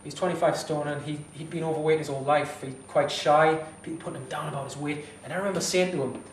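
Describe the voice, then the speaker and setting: A man's voice: fairly high pitch, steady tone, fast, distant mic, a little hiss or hum. Indignant man in an echoey room. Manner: heated, indignant, blunt, swears. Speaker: fitness instructor. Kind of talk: direct-to-camera advice vlog.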